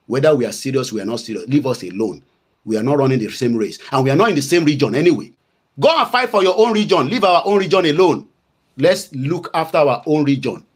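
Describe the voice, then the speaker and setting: A man's voice: medium pitch, breathy edge. A middle-aged Nigerian man hosting his own online show, giving a heated, combative commentary. He scolds and repeats himself and greets viewers by name.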